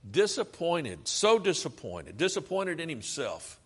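A man's voice: mid-range voice, expressive, normal speed, pauses often, fairly bright tone, breathy edge. A man preaching a sermon, earnest and pleading, asking his listeners rhetorical questions.

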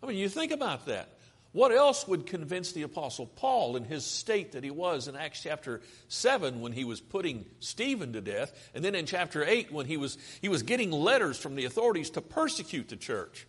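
A man's voice: fairly high pitch, big pitch swings, normal speed, fairly bright tone, slightly rough. A man preaching a sermon, earnest and pleading, asking his listeners rhetorical questions.

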